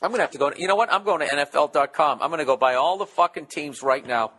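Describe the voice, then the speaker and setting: A man's voice: fairly high pitch, rapid-fire, a bit bright. A man in his forties hosting a podcast, rambling through a casual comedic monologue with profane, sarcastic rants. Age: 40s. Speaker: podcast host.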